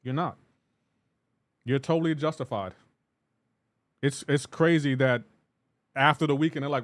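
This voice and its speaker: A man's voice: a little high, unhurried, long pauses, no room sound. A man streaming a game live, ranting in an exasperated way and repeating himself while reacting to chat.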